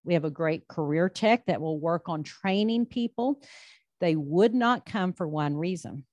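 A woman's voice: lowish voice, animated, a little slow, a little mellow, dry recording, highs cut off. A woman, speaking to a club audience in a direct, emphatic, conversational way. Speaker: state labor commissioner speaking to a club. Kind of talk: speech answering an audience question.

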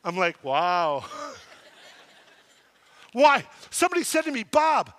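High, bright-voiced preacher man in a reverberant hall. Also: measured pace. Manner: animated storytelling, shouting at peaks. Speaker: pastor. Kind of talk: sermon. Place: church sanctuary.

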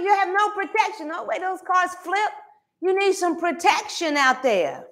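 A woman with a high voice preaches a sermon in a church. She swings between loud calls and quiet asides, pulling the congregation into call-and-response. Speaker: pastor. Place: church sanctuary.

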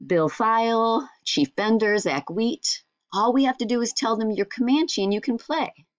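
A woman's voice: on the high side, measured pace, dry recording, dull audio, voice pushed up, close to an everyday voice. A woman voicing an eager, determined young boy who talks earnestly. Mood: persuading.

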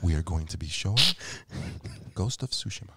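A man doing an impression of a formal, soft-spoken console presenter with a stiff, announcing cadence. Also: deep voice, fairly quick, heavy background noise, pitched below the performer's own voice. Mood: mock-formal.

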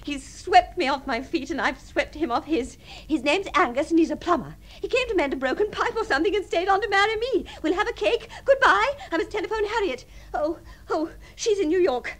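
In a radio drama, a woman plays the Princess, a lonely, deluded upper-class spinster dreaming of marriage. Her high, refined voice moves at a moderate pace with few pauses, swinging between breathy tenderness and giddy excitement.

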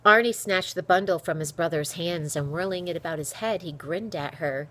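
A woman reading a children's novel aloud with expressive storytelling. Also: deep voice, normal speed, few pauses. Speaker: reader.

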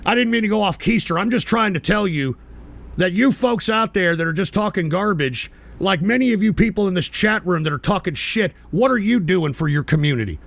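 A man's voice: sits high, lively intonation, brisk, vocal fry, fairly bright tone. A middle-aged American man hosting a radio talk show, ranting profanely and abrasively at his chat. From United States.

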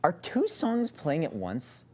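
A woman's voice: deep voice, huge pitch swings, takes it slowly, warm tone, slightly rough. A woman chatting casually during a party game, joking and laughing often. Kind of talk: casual chat.

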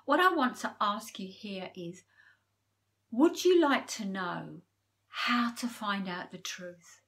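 A woman giving a personal numerology forecast to camera, talking earnestly and openly emotional, with pauses. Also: medium pitch, animated, a bit bright. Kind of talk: personal spiritual talk to camera.

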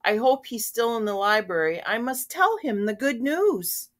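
A woman's voice: fairly high pitch, expressive, moderate pace, pitched above the performer's own voice, close to an everyday voice. An older woman reading a children's storybook, voicing an earnest young princess in an eager way.

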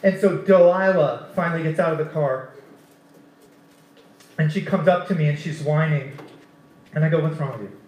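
A male pastor with a fairly high voice, preaching in a loose, conversational way and tossing in "man" as he goes. The room around him rings with a noticeable echo. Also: steady tone, normal speed, long pauses, darkish tone. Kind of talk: sermon. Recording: roomy echo.

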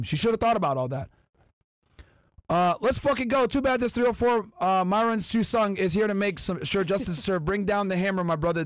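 A man's voice: high-pitched, no room sound, clean studio sound. A man hosting a podcast, reading out viewer chats and answering them in an emphatic, combative, profane way. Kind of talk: casual podcast chat.

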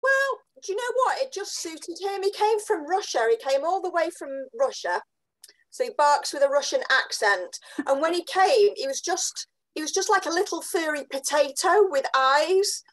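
An English woman guest chatting with playful, deadpan humour. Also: high voice, normal speed, poor audio. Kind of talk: casual chat.

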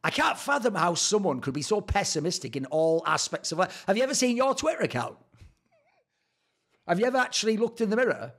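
A man in a sarcastic, profane commentary on old tweets, swinging between loud outbursts and low mutters. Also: big pitch swings, normal speed, long pauses, husky. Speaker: esports commentator and YouTuber.

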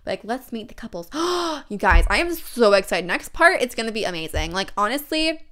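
A young woman with a stuffy nose from a cold, chatting excitedly and casually as she comments on her gameplay. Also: fairly high pitch, normal speed. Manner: chatty, excitable, many fillers. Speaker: let's play host.

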